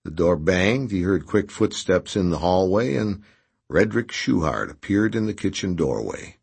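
Deep, husky man narrating an audiobook. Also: expressive, measured pace.

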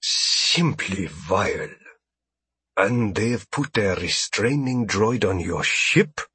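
A man doing a fawning, hushed alien trader. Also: fairly low pitch, lively intonation, slow, husky, dry recording, heavily acted. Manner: fawning, effusive, repeats words. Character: obsequious small alien trader, fussy male.

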